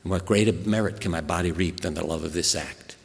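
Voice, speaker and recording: A man voicing a calm, selfless seven-year-old boy in a told story, in his own deep voice. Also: fairly quick, creaky, in a large hall. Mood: serene.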